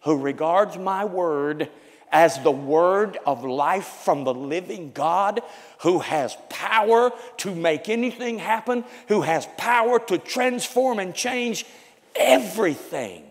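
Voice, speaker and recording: A man preaching as a pastor, with a raspy, loud voice, swinging from shouts to hushed prayer. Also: high voice, lively intonation, slow, long reverb tail. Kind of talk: sermon. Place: church sanctuary.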